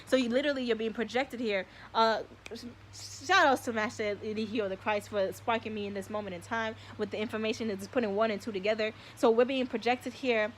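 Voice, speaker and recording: A young woman hosting a spiritual live stream, speaking in an excitable, slangy way and swearing often. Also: fairly high pitch, brisk, slight background noise.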